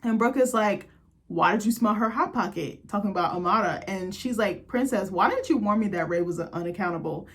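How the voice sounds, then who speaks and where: Woman, young adult, recap host, sassy, profane, casual chat. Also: mid-range voice. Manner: sassy, profane, quick asides.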